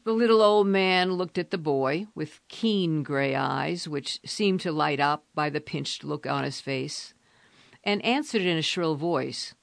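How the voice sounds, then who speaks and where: A woman narrating a storybook in a measured, steady way. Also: low voice, creaky, no room sound. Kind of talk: storybook reading.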